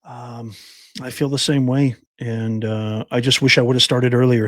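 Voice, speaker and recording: The host of a livestream, an older man, gives a casual sign-off in which he thanks viewers by name, earnest and emotional, his voice catching. He talks unhurriedly at a medium pitch in a dry recording.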